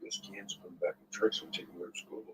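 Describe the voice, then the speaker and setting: A man's voice: low voice, fairly even intonation, brisk. A man talking casually off to the side, making short joking remarks and denials. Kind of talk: casual chat. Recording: distant mic, faint background noise.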